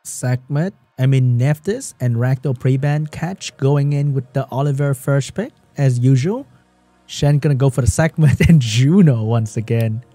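A man giving live esports commentary on a stream, reacting excitedly, laughing often and chatting with his viewers. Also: medium pitch, measured pace, dry recording, soft background music. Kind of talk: live game commentary while reading chat.

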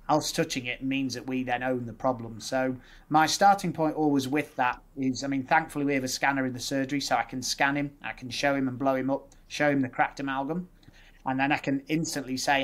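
A man, a guest dentist talking through his practical methods step by step. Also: medium pitch. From West Yorkshire, England. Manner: practical, explains step by step, uses patient scripts. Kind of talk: casual interview chat.

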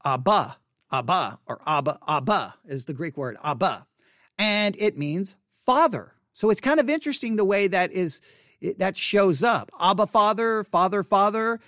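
A man's voice: high-pitched, expressive, normal speed, fairly bright tone, dry recording, clean studio sound. A man teaching a casual Bible word study, thinking aloud and repeating words as he reads verses and notes.

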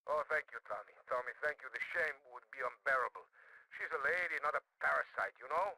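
A man's voice: fairly high pitch, a little fast, sharp tone, dry recording, full character voice, rough recording. An actor playing a proud, courteous male colonel who frets over his family's honor in a video game. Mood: fretful.

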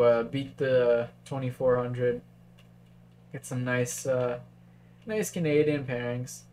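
A man's voice: medium pitch, darkish tone, slight background noise. A man casually commentating a chess game on a live stream, thinking aloud through moves and answering chat.

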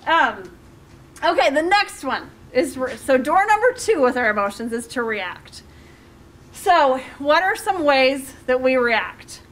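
High-voiced woman coaching a group. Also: sing-song, a little slow, fairly bright tone. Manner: conversational, many fillers, questions to the audience. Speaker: life coach. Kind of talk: workshop talk to a group.

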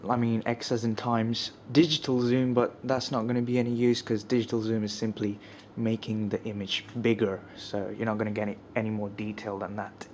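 A man vlogging casually outdoors at night while cold and shivering, talking to viewers with fillers and now and then dropping to quiet murmured asides, recorded on a camcorder's built-in mic. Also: on the low side, level tone, brisk, hardly any pauses, a little hiss or hum. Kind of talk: casual vlog narration.

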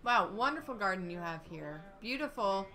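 Brief: female co-host, giggly gaming-stream chatter, bright and animated. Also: medium pitch, moderate pace. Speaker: streamer co-host playing the game. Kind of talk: casual gaming stream banter.

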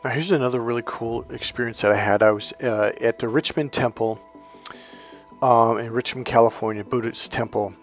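A man casually telling personal stories to camera, animated and rambling, laughing as he goes. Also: medium pitch, normal speed, faint music behind. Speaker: spiritual coach and video host. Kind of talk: casual storytelling monologue.

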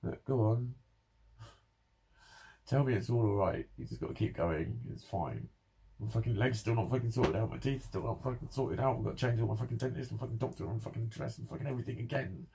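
A man's voice: mid-range voice, fairly quick, vocal fry, mellow, slightly rough. A young man ranting in a personal vlog, swearing constantly and sounding frustrated and bitter. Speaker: vlogger. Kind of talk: angry personal vlog rant.

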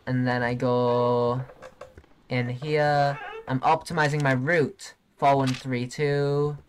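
A young man streaming a video game live, chatting excitably and giggling with his viewers. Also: medium pitch, slow pace, slight background noise. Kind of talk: live gameplay commentary.

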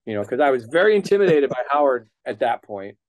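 Speaking fast in a mid-range voice on a dry recording, a middle-aged man spins stories as an interview guest. He writes and colors comics, performs the quoted dialogue with gusto, and swears in a casual way.

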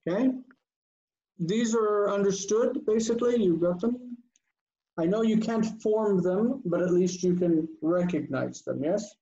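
A man teaching an online grammar lesson, drilling terms slowly and deliberately and often checking in with the class. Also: high-pitched, darkish tone. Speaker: Biblical Hebrew teacher. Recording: dull lo-fi call audio, faint noise.

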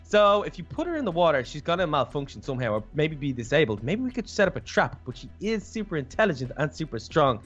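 Fast high-voiced goofy man. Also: sing-song, a bit bright, dull audio, faint music behind. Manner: fast, goofy, planning aloud. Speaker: Minecraft role-play player. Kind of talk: joking in-character chat.

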